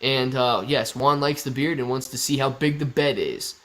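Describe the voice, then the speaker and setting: A man's voice: medium pitch, steady tone, moderate pace, a bit bright. A man hosting a casual live stream, chatting and joking as he reads viewer comments aloud.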